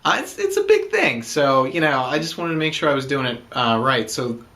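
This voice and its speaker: A young man tells a story in a loose, casual way, full of "you know" and "um". His voice sits at an ordinary middle pitch and he wanders from thought to thought. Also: very animated, a little fast, pushed and bright. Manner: rambling, many fillers like "you know" and "um". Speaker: groom-to-be telling the proposal story.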